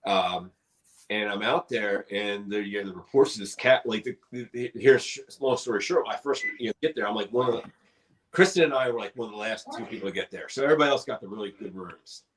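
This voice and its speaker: A middle-aged man, a paranormal investigator, telling a story casually in a live interview, animated and swearing freely. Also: fairly low pitch, fast talker, rough recording. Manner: animated, swears casually, acts out quoted dialogue.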